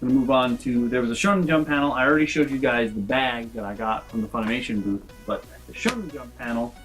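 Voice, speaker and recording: A man casually telling a convention story on his vlog, animated and rambling, with lots of asides. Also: medium pitch, quick pace, soft background music. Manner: animated, acts out quoted voices, rambling asides. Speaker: convention vlogger.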